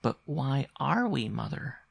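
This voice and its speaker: A man's voice: mid-range voice, big pitch swings, a little slow, creaky, slightly rough, dry recording, voice pushed up, heavily acted. A man doing an eager, questioning young boy. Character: curious, insistent young boy.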